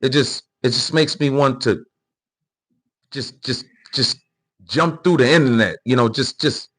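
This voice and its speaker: A man's voice: medium pitch, a bit bright. A man hosting a live political commentary stream, talking heatedly and emphatically to his chat, with frequent repeated words and restarts. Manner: addresses chat readers directly, lecturing. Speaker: political commentary livestream host.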